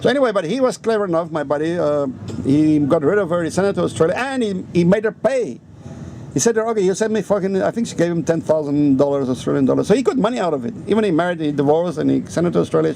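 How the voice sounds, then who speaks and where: A man's voice: fairly high pitch, gravelly, dark tone, slight background noise. A man telling a rambling anecdote in a casual vlog, swearing constantly. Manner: rambling, profane, heavy swearing. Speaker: vlogger. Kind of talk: casual storytelling rant.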